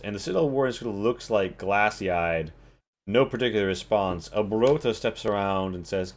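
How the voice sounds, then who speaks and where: A man's voice: on the low side, normal speed. A man narrating a tabletop role-playing game as game master, in loose narration full of fillers.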